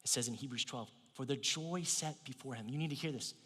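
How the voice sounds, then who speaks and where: A male pastor preaching a sermon in a church, swinging from loud emphasis to near whispers. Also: medium pitch, a little fast, vocal fry, hardly any pauses, breathy edge, in a large hall. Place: church sanctuary.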